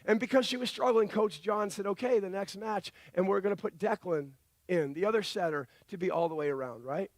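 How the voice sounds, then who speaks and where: A middle-aged pastor delivers a sermon at a fairly quick pace in a voice that sits high. He tells stories with animation, voicing each of the people in them.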